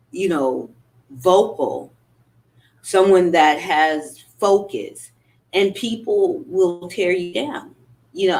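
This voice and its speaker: Woman doing a motivational live talk, straight-talking, kinda low voice. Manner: candid, emphatic, animated in quoted retorts. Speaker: motivational speaker.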